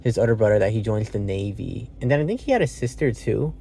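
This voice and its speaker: A man's voice: on the low side, lively intonation, quick pace, dark tone, slight background noise. A man giving a casual, rambling solo movie review, thinking aloud with lots of fillers, self-corrections and casual swearing.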